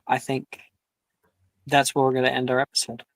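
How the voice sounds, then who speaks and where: A man running a tabletop game as game master, laid-back and quick to laugh. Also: medium pitch, completely flat delivery, dry recording. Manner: laid-back, laughs often, voices characters briefly.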